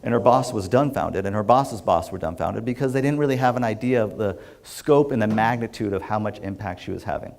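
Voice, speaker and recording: Animated male executive coach telling a story. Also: fairly low pitch, a little fast, creaky, hardly any pauses. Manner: animated storyteller acting out quoted lines. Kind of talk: storytelling talk to an audience.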